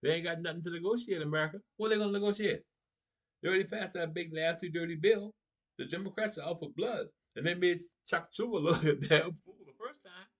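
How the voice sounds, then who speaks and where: A man's voice: sits high, fast, a bit bright. A middle-aged man doing a political comedy monologue, talking straight to his audience and laughing between lines.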